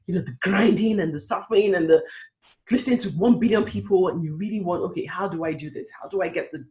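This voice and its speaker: Male career coach, middle-aged, high pitch, punchy motivational webinar delivery, mimics doubters. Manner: emphatic, animated, acts out quoted doubters.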